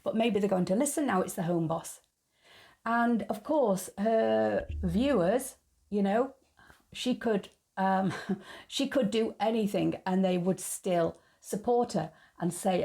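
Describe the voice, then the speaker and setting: Blunt, chatty woman host, mid pitch with a gravelly edge. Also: a little slow, dark tone. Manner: frank, chatty, laughs at her own jokes. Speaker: YouTube channel host. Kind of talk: casual opinion monologue.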